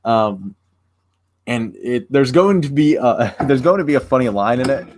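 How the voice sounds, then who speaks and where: A man's voice: medium pitch, animated, normal speed, a little mellow. A young man on a casual livestream, talking with lots of fillers and restarts. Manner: rambling with many fillers and restarts. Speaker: streamer.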